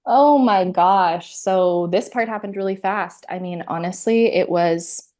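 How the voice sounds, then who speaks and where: A woman in her thirties, with a mid-range voice and a slightly slow pace, shares her own story as an interview guest. She's candid and animated, laughs often, and acts out her inner voice.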